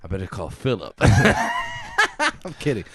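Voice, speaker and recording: A man's voice: low-pitched, big pitch swings, normal speed, darkish tone, dry recording. A man co-hosting a podcast, telling a long casual story full of swearing, laughs and acted-out quotes. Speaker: podcast co-host.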